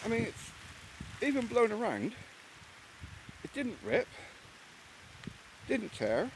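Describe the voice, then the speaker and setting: A man's voice: very high voice, huge pitch swings, a little slow, pauses often, background noise. A man from England talking casually and bluntly as he rambles about his camp, swearing freely, outdoors in rainy woodland. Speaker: solo camper vlogger. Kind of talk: casual outdoor vlog talk. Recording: outdoor recording with loud rain.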